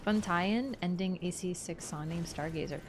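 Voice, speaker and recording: A woman's voice: lowish voice, moderate pace, background noise. A woman streaming a game, talking casually through its lore, thinking aloud and answering her chat. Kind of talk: casual livestream lore commentary.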